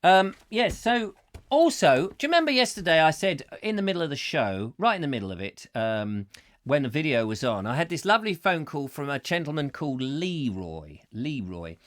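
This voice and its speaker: A man's voice: a little high, big pitch swings, moderate pace. A middle-aged man hosting a comic live chat show, rambling playfully and breaking into silly voices and sung sound effects.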